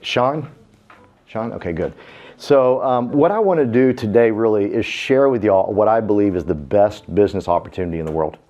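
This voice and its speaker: A man's voice: on the low side, animated, moderate pace, darkish tone. A man giving a casual, folksy, self-deprecating business talk, telling jokey stories about himself. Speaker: real estate business speaker. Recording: dull lo-fi sound.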